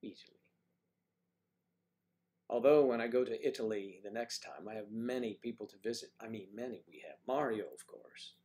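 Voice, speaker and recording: An older man hosts a relaxed morning livestream in a slightly low voice. He chats playfully and greets viewers by name as he reads their comments. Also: normal speed, long pauses. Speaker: livestream host. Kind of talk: casual livestream chat reading viewer comments.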